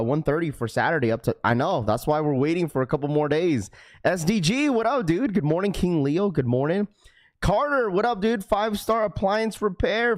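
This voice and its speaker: Young male streamer, easygoing and upbeat, rattling off greetings to chat. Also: a little high. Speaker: live stream host. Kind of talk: casual live stream chat.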